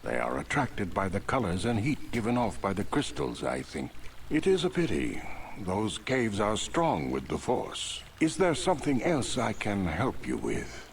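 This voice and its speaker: An actor playing an elderly male Jedi caretaker who speaks in a calm, formal, measured way. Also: on the low side, gravelly, slight background noise, full character voice.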